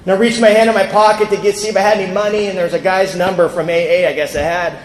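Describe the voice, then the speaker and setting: A Californian recovery speaker candidly narrates his story at a convention, voicing the people he quotes. His fairly high voice races along with a flat delivery. A big hall's long reverb fills the sound, with slight background noise.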